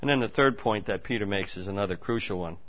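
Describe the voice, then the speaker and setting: A man preaching a sermon, moving between hushed asides and loud, emphatic declarations. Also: on the low side, fast talker, dull audio. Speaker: pastor.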